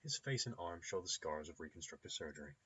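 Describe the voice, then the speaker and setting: A man's voice: low-pitched, animated, fast talker, fairly bright tone, husky, dull audio. A man hosting a let's play, reading the game's narration aloud. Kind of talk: reading game text aloud.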